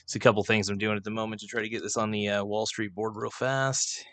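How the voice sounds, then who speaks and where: A man's voice: fairly low pitch, level tone, fast, a bit bright, no room sound. Rambling, profane male livestream host. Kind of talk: casual livestream rant. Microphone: desk microphone, not clipped on.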